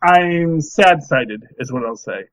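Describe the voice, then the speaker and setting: A middle-aged man co-hosts a casual podcast chat, his voice sitting a little higher than most men's. He rambles in an animated way, restarting sentences as he goes. The sound is dry and close. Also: slow, no room sound, low-quality recording. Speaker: podcast co-host.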